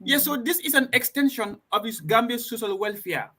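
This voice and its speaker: A man hosting a casual discussion, talking in an animated, emphatic way with frequent restarts. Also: very high-pitched, moderate pace. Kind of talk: casual discussion mixing English and Wolof.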